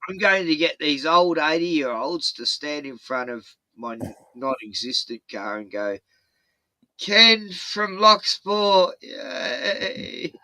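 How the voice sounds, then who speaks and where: A man with an Australian accent spins relaxed stories in an easy, swearing chat. His voice is bright and forceful, and the sound is dry and close to the mic. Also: medium pitch, a little slow, hardly any pauses, no echo, low-quality recording. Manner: laid-back storytelling with swearing. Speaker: show host. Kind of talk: casual chat.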